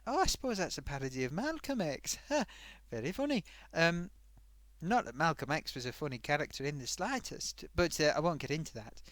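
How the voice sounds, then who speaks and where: A man's voice: sits high, a bit bright, dry recording. A man hosting a casual live stream, reading out forum comments with a chatty, self-amused manner.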